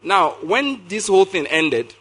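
A male preacher with a high, bright, ringing voice. He reads scripture slowly and repeats key words for emphasis. He keeps checking in with his listeners. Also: sing-song. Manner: emphatic, repeats key phrases, asks the audience questions. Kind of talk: sermon reading and explaining scripture.

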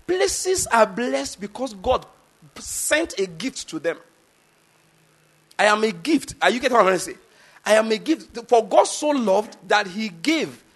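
A man with a Nigerian accent preaching in an emphatic, repetitive way. His voice sits high for a man. He keeps checking that his listeners follow him. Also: very animated, measured pace, a bit bright, slightly rough. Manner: emphatic, repeats points, asks the audience if they follow. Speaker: pastor. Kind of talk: sermon.

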